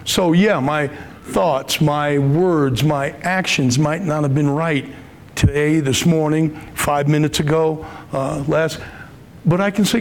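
A man preaching in a relaxed, conversational sermon, his voice slightly high with a gravelly edge. He talks earnestly, lifting his pitch to stress points and acting out his own prayers aloud. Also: moderate pace, slight background noise. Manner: earnest, rises in pitch for emphasis, acts out prayers.

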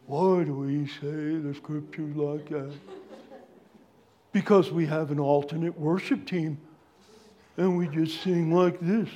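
A man preaching a sermon as pastor, earnest and pleading, moving between loud drawn-out lines and hushed near-whispers. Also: fairly high pitch.

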